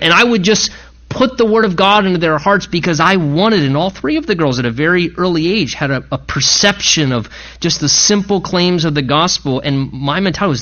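High bright-voiced male preacher. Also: lo-fi sound. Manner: earnest preaching, quoting scripture with dramatic pauses. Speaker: pastor. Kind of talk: sermon.

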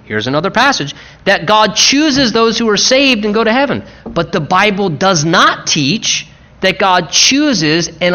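A man preaching a sermon, with emphatic repetition, slowing down for stress and rushing through quick asides. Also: sits high, bright, forceful tone. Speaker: pastor.

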